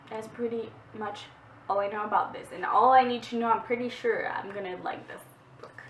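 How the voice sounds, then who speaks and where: A woman's voice: a little high, steady tone, fairly quick, a little hiss or hum. A young woman with a Québécois French accent, French her first language, chatting casually about her books with lots of "like". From Quebec, Canada. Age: young adult. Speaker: booktuber. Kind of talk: casual book haul vlog. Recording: echoey room, distant mic.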